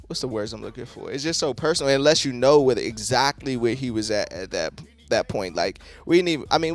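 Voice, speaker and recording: Casual male album reviewer, mid-pitched, salty and rambling, faint beat underneath. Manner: loose, profane, heavy on "like". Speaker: music reviewer.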